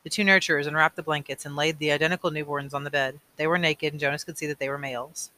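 A man's voice: a little high, level tone, fast talker, pushed and bright. A man reading a novel aloud, plainly, with small slips he corrects as he goes. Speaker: audiobook reader.

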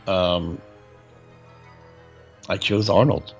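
A man's voice: deep voice, steady tone, extremely slow, highs cut off, loud music behind the voice. A man co-hosting a casual podcast chat, laid-back and joking.

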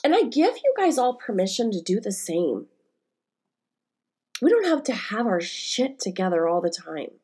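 A woman's voice: mid-range voice, sing-song, normal speed, dark tone, slightly rough. A woman in her forties talks alone into her podcast mic, telling stories from her week. She rambles candidly, with many fillers and restarts. Her voice is emotional, close to tears. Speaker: podcast host and life coach. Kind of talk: casual solo podcast monologue.

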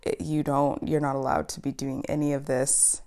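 A woman's voice: rumbling low, flat delivery, moderate pace, warm tone. A young woman from East Africa hosting a casual, chatty TV recap show, talking animatedly with frequent laughs and ums. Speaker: podcast host.

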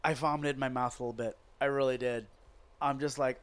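A man hosting a podcast, ranting sarcastically and profanely about wrestling in a casual, animated way. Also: mid-range voice, brisk. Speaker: podcast host.

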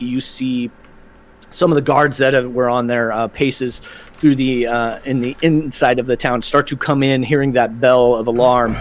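Man game master narrating a tabletop game. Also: mid-range voice. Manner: rambling narration with fillers and laughs.

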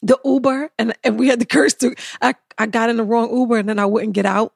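A middle-aged American woman chats on her podcast with lots of energy, dropping into put-on voices as she tells stories. Her voice sits a little high with a gravelly fry. The sound is dry and close. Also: quick pace, no room sound. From United States. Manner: animated, laughs often, acts out voices in quotes. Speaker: podcast host. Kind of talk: casual chat.

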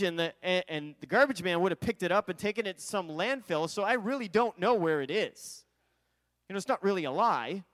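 Guy preaching, pretty high voice, jokey about himself, long church-hall echo. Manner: energetic, self-mocking storyteller. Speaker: guest preacher. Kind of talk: sermon with prayer and storytelling. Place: church sanctuary.

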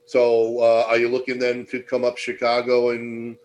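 A man's voice: mid-range voice, monotone, normal speed, darkish tone, a little hiss or hum. Easygoing male podcast host. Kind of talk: casual interview chat.

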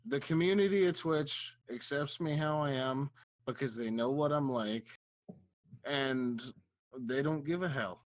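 A man's voice: mid-range voice, a little slow, low-quality recording. A man talking as a streamer guest on a casual podcast, brash and joking, swearing freely.

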